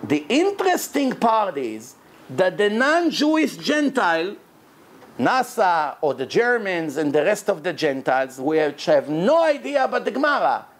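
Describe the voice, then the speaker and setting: A man, a rabbi who speaks natively, giving an emphatic religious lecture in English. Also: fairly high pitch.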